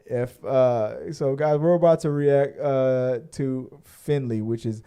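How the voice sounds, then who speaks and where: A man's voice: mid-range voice, slow pace, warm tone, smooth. A man co-hosting a casual podcast, rambling with many fillers and restarts and the odd curse. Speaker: podcast co-host. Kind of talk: casual chat.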